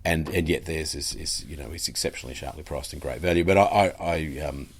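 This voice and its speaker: A man's voice: very deep voice, fairly quick, husky. A middle-aged man with an Australian accent hosting a podcast, chatting casually in a rambling, hesitant way. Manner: rambling, hesitant, many fillers and restarts. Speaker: podcast host. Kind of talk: casual conversational interview.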